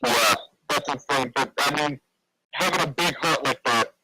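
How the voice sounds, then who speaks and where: A man's voice: medium pitch, moderate pace, sharp tone, poor audio. A man co-hosting a radio talk show, reacting with short interjections.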